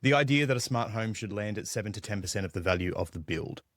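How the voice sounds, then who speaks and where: A man hosting a casual interview, upbeat and quick to laugh. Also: lowish voice, expressive, fairly bright tone. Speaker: podcast host.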